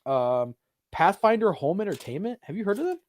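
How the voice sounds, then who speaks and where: A man co-hosting a casual film chat show, animated and swearing freely. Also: high voice, normal speed, no echo. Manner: animated, swears freely, does mocking put-on voices. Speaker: podcast co-host. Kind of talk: casual chat about films.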